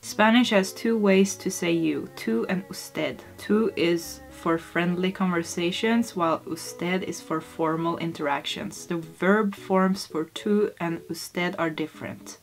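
Woman vlogger chatting slowly, jokey and self-mocking, curses when stuck, soft music playing behind. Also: lowish voice, gravelly. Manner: playful, self-mocking, swears when frustrated. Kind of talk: casual chat while learning Spanish.

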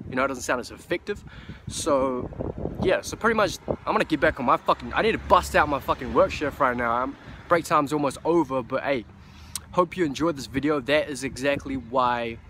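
A man's voice: mid-range voice, pushed and bright, a little hiss or hum. A young man with a New Zealand accent talking casually to camera as a vlogger, loose and profane, rambling with lots of fillers.

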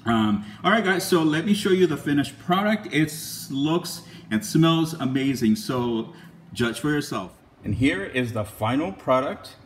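A man's voice: fairly high pitch, animated, a little slow. An upbeat young man chatting his way through a home cooking vlog, friendly and rambling with plenty of ums. His voice bounces around a reverberant kitchen, with a faint hum underneath. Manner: chatty, upbeat, frequent um and laughs. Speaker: cooking channel host.

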